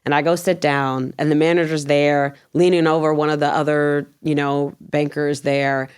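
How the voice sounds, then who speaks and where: Animated woman telling a story with laughter. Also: deep voice, moderate pace, clear, resonant tone. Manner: animated, laughs often, acts out her own past words; blunt, swears freely. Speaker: guest. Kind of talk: storytelling in an interview.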